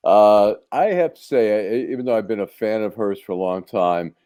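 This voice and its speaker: A man talking as a regular guest on a panel show, opinionated and animated. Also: on the low side, normal speed, no room sound. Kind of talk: casual panel talk.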